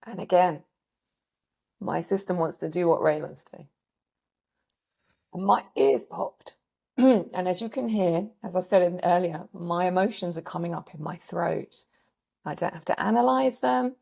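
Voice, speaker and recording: Woman coach with a gravelly scratchy throat, gentle guiding talk, lots of sighs, video call mic. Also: on the low side, measured pace, long pauses. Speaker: recovery coach. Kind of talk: guided calming practice. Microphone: desk mic on a video call.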